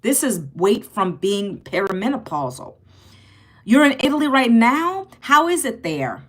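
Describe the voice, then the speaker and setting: A woman's voice: a little high, sing-song, unhurried. A woman in her forties from Virginia, chatting casually on a phone livestream as she greets viewers by name and reads their comments. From Virginia, United States. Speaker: livestream host.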